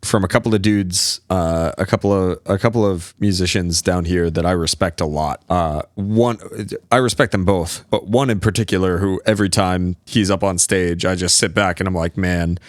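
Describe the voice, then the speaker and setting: A man's voice: low-pitched, moderate pace, hardly any pauses, dry recording, studio quality. A man co-hosting a podcast in casual chat, rambling and self-doubting with lots of fillers. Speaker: podcast co-host.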